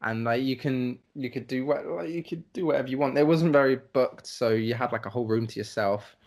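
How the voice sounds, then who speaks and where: A man's voice: mid-range voice, fairly quick, darkish tone. A young man, rambling and laughing his way through a casual podcast story, full of fillers and swearing. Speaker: podcast co-host telling a travel story.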